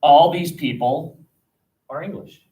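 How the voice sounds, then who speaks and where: A man teaching a history class, lively and questioning, recorded from across a classroom. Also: fairly high pitch, takes it slowly. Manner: animated, asks the class questions, jokes. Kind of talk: classroom lecture. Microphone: webcam across the room. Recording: distant webcam sound.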